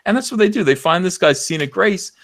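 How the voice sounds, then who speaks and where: A man hosting a live stream, ranting loudly and passionately and mocking others in put-on voices. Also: high-pitched, animated, fast talker. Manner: loud, impassioned, mocking impressions. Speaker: livestream host. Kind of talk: heated livestream rant.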